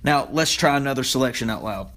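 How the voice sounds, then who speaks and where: A man's voice: mid-range voice, quick pace, a bit bright. A man teaching a speech communication lecture as a podcast, explaining points plainly with occasional fillers.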